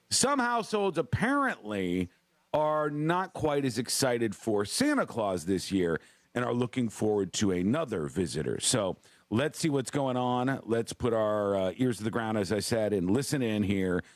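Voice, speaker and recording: Radio host, man, playful wry banter, animated pitch; dry booth. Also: a little slow, dry recording. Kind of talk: casual radio talk show banter.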